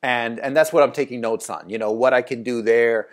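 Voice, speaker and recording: A man's voice: medium pitch, fairly even intonation, a little fast. A man who runs a translation agency, giving casual, rambling advice to camera, with frequent fillers and restarts. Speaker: translation agency owner, video host. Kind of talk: casual talking-head advice.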